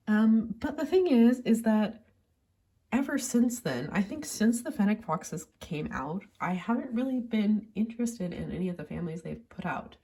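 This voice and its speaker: A woman talking casually and rambling about her toy collection with many fillers, sounding a little sick and pausing to cough. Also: mid-range voice, expressive, warm tone, slightly rough. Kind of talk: casual chat.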